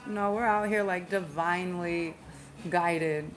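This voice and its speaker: A woman's voice: on the low side, flat delivery, slow pace, a little hiss or hum. Woman with a slight Southern drawl. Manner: chatty, emphatic, repeats phrases, speeds up and stumbles at times. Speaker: tarot reader. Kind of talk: casual spiritual tarot reading.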